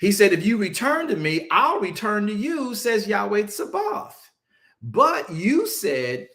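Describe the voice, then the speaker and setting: A male preacher teaching a Bible-study sermon, emphatic and conversational, drawing answers from his listeners and slowing down to stress scripture. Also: high-pitched, sing-song, creaky, bright, forceful tone. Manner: casual Southern-leaning vernacular, mocking asides.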